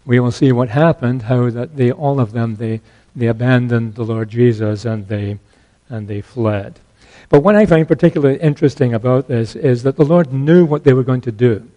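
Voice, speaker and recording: A man delivers an earnest expository sermon in a mellow, warm voice, pitched in an ordinary middle range. He reads scripture aloud and explains it, pressing hard on the words that matter most. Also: poor audio. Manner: earnest expository preaching, rising to emphatic stresses. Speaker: pastor.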